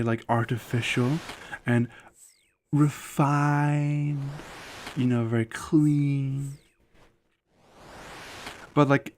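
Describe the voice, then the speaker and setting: A man's voice: mid-range voice, slight background noise. A man streaming live while he plays a game, chatting with viewers in a loose, rambling way full of "like" fillers and blunt opinions. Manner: opinionated and candid. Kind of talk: casual live-stream chat while gaming.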